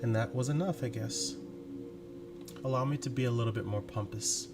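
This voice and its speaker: A man's voice: mid-range voice, moderate pace, over loud music, natural voice. A man voicing a sinister female spirit who taunts her captive in a cold, mocking way. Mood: taunting. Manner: mocking, coldly menacing.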